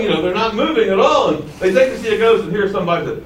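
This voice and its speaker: Male preacher, slightly high voice, chatty sermon with chuckles, echoey and off-mic. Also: expressive, rapid-fire, few pauses, a little hiss or hum. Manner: conversational, chuckling asides. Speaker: preacher teaching the Bible. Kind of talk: sermon, Bible teaching. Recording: roomy and distant, faint ambience.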